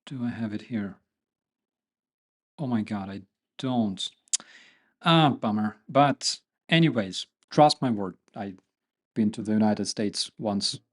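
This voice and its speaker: Slow-talking Ukrainian man with a joking manner. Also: fairly low pitch. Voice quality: animated, joking, with many fillers. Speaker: channel host. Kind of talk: casual chat with viewers, reading comments.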